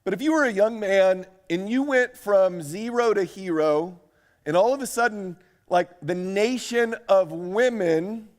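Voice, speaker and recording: A man delivers a sermon at a lectureship in a fairly high voice. He reads scripture aloud and turns often to the audience with direct questions, speeding up and slowing down to stress a point. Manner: animated, asks the audience questions. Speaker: preacher.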